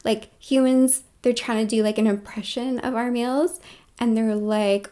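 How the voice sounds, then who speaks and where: A woman's voice: a little high, steady tone, normal speed, dark tone. Rambling woman with whispered asides. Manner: rambling, heavy filler words, dips into whispered asides. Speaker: vlogger. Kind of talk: casual rambling monologue to camera.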